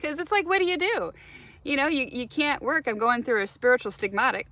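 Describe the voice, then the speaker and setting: A woman talking straight to her viewers in a rambling spiritual monologue, animated, laughing often and swearing freely. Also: high voice, fairly quick. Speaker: spiritual vlogger.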